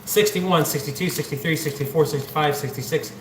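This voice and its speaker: In an echoey room with faint ambience and a noisy background, a man from central Ohio hosts a relaxed livestream. He talks and kids around at a moderate pace and medium pitch as he counts money out loud.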